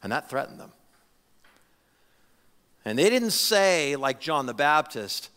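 A man preaching a sermon as a pastor, talking in an animated, conversational way with frequent restarts. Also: a little high, slow pace, smooth, long reverb tail. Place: church sanctuary.

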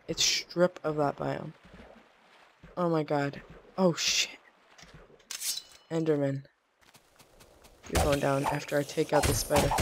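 A woman's voice: low voice, a little hiss or hum. Chatty woman narrating her gameplay. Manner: chatty, bursts into startled exclamations. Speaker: let's play gamer. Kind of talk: casual gameplay commentary.

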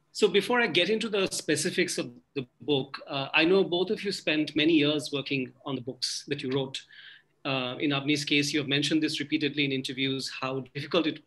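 Bright-voiced man moderating a book talk. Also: on the high side, low-quality recording. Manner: hesitant, filler-laden phrasing. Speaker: moderator of an author conversation. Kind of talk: literary panel moderation.

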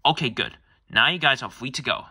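A man voicing a stern security guard in a fan cartoon who scolds in a bossy, formal tone. His voice is bright and sharp-edged. He talks in plain, everyday speech. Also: medium pitch, very animated, brisk, husky, no room sound, exaggerated voice. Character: stern adult male mall security guard. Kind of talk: amateur fan animation voice-over.

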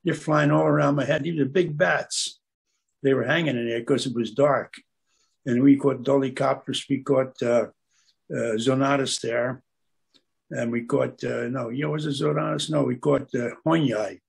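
Gravelly older man telling stories. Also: medium pitch, fairly even intonation, a little slow. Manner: meandering, searches for words with many fillers. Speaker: guest speaker at an aquarium club. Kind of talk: rambling anecdotal storytelling.

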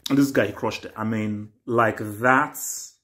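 A young man hosting a casual TV reaction video. He rambles and repeats himself, swinging between excited bursts and low mutters. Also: measured pace. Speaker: reaction channel host.

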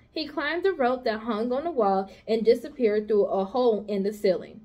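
A woman reads a children's novel aloud to pupils in the manner of a school psychologist. Her voice sits a little high and stays expressive, and she corrects small slips without fuss. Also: moderate pace, hardly any pauses. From United States. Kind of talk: children's book read-aloud.

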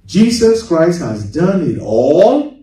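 Man preaching, slow delivery, dark mellow tone, call-and-response questions, very echoey church hall, distant mic. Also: a little high, sing-song. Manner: asks the congregation leading questions. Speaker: pastor. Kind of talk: sermon with call-and-response Bible reading.

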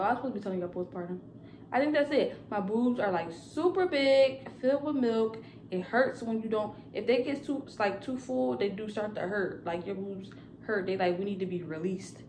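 Young woman, casual vlog chat, rambling, lots of fillers, mid-pitched, echoey room. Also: darkish tone, a little hiss or hum. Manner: chatty and rambling, with many fillers. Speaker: vlogger and new mother.

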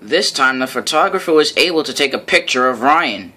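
A man's voice: mid-range voice, lively intonation, fairly quick, bright, forceful tone. A man narrating a homemade storybook tale about trains, now and then laughing between lines.

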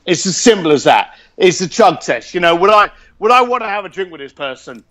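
Interview guest: man with a high voice, blunt, animated storyteller, swears. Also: brisk. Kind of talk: casual storytelling.

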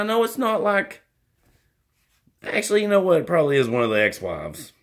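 A middle-aged man vlogging in a rambling, folksy, self-mocking monologue, using country slang and jumping into squeaky, whiny exclamations. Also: wildly swooping pitch, normal speed, long pauses, fairly bright tone. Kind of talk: rambling casual monologue to camera.

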